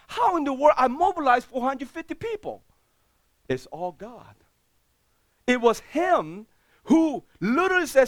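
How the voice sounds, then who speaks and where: Animated preaching man, high voice. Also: no room sound. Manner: animated preaching, swinging from loud bursts to hushed low lines. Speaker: pastor. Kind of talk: sermon.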